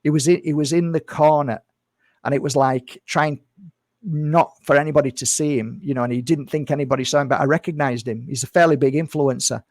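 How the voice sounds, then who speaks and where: A man's voice: fairly high pitch, fairly even intonation, fairly quick, a little mellow, no echo, clean studio sound. A man talking casually to camera as a healer and vlogger, earnest and rambling, repeating his phrases and calling his viewers "guys.".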